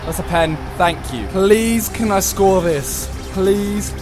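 A young man giving live commentary on his own football video game match, excitable, shouting and pleading at the game. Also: high-pitched, slow. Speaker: gaming YouTuber. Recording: faint background music.

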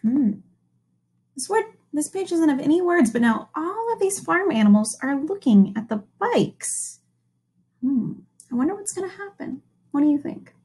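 A slight hiss or hum sits under the recording as a young woman teacher, high-pitched and moderately paced, reads a picture book to children. Her delivery is animated, with questions for her young listeners throughout.

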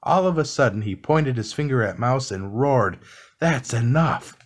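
A man reading a classic children's book aloud in a calm, soft, slow bedtime manner. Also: mid-range voice. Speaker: storybook reader.

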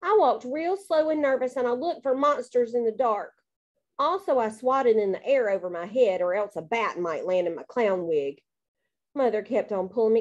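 A woman reading a children's book aloud, narrating in a bouncy, expressive child's voice. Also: on the high side, moderate pace. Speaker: audiobook reader.

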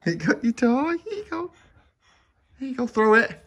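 A woman talking to her baby in a high, giggly, coaxing sing-song. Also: big pitch swings, normal speed, a bit bright. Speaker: parent filming her baby.

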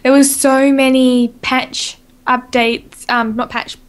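An Australian woman hosts a casual gaming podcast, chatting and rambling with plenty of fillers and self-corrections. Her voice sits high and smooth, with a flat delivery at a slow pace.

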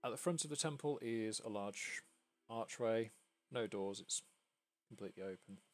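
A man's voice: fairly low pitch, moderate pace, soft background music. A man narrating a tabletop game as game master, describing scenes with many fillers.

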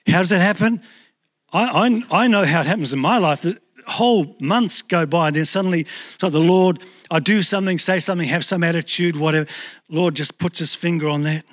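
Male pastor, New Zealand accent, higher voice, chatty lively sermon delivery. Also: fairly quick. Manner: conversational, animated preaching with acted asides.

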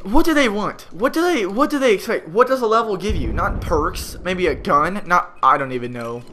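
A young man rants through a game at home, frustrated and exasperated, breaking into sudden loud outbursts. His voice sits high and sounds bright and tense. A faint hum runs behind him as he talks into a headset. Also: lively intonation, normal speed. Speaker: gamer. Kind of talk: gameplay commentary rant.

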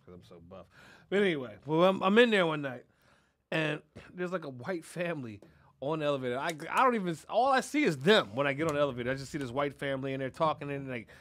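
A man hosting a podcast in casual chat, telling animated stories full of cursing and laughter. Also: fairly high pitch, fast. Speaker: podcast host.

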